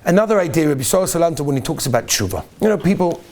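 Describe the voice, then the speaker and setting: A man giving a rabbi's Torah lecture as an animated storyteller who acts out the characters. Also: on the high side, rapid-fire.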